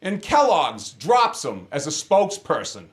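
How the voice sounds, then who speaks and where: A middle-aged man from the area, doing a stand-up routine of punchy one-liners with deadpan setups. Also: on the high side, unhurried. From Boston area, Massachusetts. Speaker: stand-up comedian.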